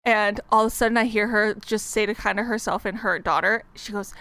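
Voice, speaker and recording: A young woman co-hosting a podcast, chatting casually and excitedly about books she has read. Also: fairly high pitch, smooth, dry recording. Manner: bubbly, chatty, quick laughs. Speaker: podcast co-host. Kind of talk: casual book chat.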